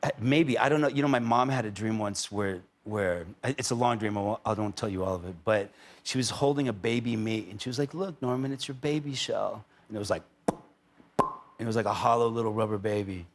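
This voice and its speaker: A man's voice: on the low side, fast talker. A middle-aged man chatting casually as a talk show guest, rambling and laughing often. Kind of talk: casual chat.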